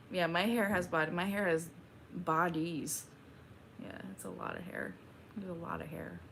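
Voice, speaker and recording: A young woman hosting a casual livestream, reading chat aloud and chatting back in a slow, laid-back drawl. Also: fairly low pitch, steady tone, gravelly, a little hiss or hum.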